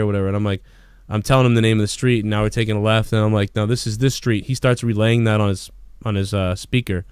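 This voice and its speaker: A man hosting a podcast, telling a rambling, profane story in an excitable, casual way. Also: medium pitch, fast, clear, resonant tone, no room sound, studio quality. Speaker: podcast host.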